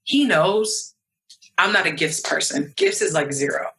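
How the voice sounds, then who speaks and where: Animated bright-voiced young woman guest. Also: low-pitched, unhurried, breathy edge, poor audio. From New York. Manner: animated, acts out quoted voices. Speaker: podcast guest. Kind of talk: casual interview chat.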